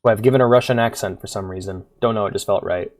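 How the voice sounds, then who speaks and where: A man's voice: lowish voice, quick pace, a little mellow. A man giving casual, joking gameplay commentary as a streamer, playful and self-mocking, with the odd casual swear. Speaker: streamer playing a game. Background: faint music.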